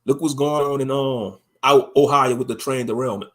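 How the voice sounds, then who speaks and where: A man's voice: medium pitch, fairly even intonation, normal speed, a bit bright. A man giving impassioned, scolding religious commentary, mocking the people he criticizes. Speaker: online commentator.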